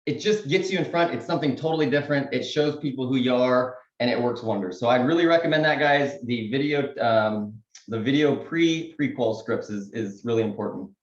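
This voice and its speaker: A man, a real estate agent on a panel, giving casual sales tips and acting out phone calls in quick voices. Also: medium pitch, roomy sound, lo-fi sound.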